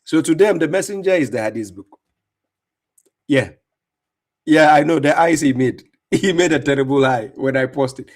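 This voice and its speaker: A man's voice: a little high, moderate pace, pauses often. A man hosting a live stream, commenting on clips and talking to viewers in a mocking, insistent way with lots of repetition. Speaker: livestream host reacting to clips.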